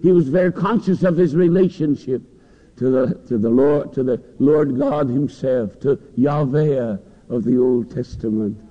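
A man's voice: medium pitch, measured pace. A man preaching a sermon in a church, with passionate, rising and falling delivery. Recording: dull lo-fi recording in a long-echo hall.

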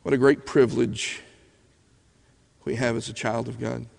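Guy preaching a sermon, earnest storyteller, mid pitch, long echo like a big church hall. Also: little pitch movement, normal speed, gravelly. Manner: earnest, storytelling, soft pleading prayer passages.

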